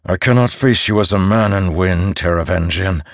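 A man's voice: deep voice, moderate pace, dry recording, studio quality. A man voicing a determined older male warlord in an audiobook, firm and resolute.

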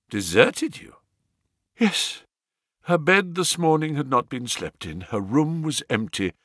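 A man voicing a distraught, excitable middle-aged banker who breaks into high-strung outbursts, read as an audiobook. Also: gravelly, slightly rough, no room sound, studio quality, heavily acted. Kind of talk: audiobook character reading.

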